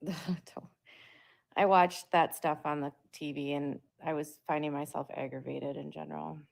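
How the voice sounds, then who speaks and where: A woman's voice: low-pitched, steady tone, moderate pace, creaky, darkish tone. A young adult woman and parent, talking casually to her viewers in a rambling way with lots of filler words. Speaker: parent vlogger.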